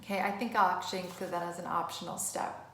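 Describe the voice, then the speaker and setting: A woman's voice: fairly low pitch, little pitch movement, fast, a bit bright. A woman music teacher giving an online lesson, encouraging and chatty. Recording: echoey room.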